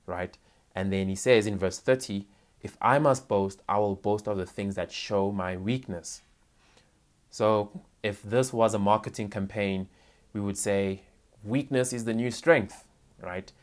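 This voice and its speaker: A man preaching a sermon, explaining scripture conversationally, reading passages aloud and often checking in with "right?". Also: fairly low pitch. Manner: reads scripture aloud with emphasis.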